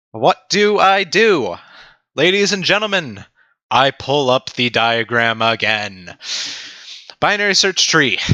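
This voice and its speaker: A young man teaching a programming tutorial on a livestream, animated and self-mocking as he talks to his chat. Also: sits high, smooth, no room sound. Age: young adult. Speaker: teaching assistant.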